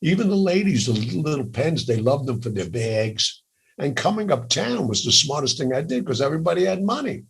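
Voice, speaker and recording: An older man with a raspy voice, telling lively jokey stories as an interview guest. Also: a little high, brisk. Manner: animated, jokey, laughs through stories. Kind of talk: storytelling in a casual interview.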